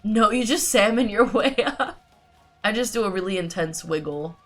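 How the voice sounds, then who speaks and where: A woman streaming a video game, giving wry, sarcastic commentary with casual swearing and a low-energy delivery. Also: lively intonation, normal speed, faint music behind.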